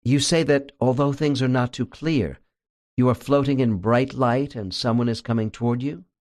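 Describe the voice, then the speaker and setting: A man voicing a hypnotherapist who speaks in a calm, reassuring way. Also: medium pitch, normal speed, lightly acted.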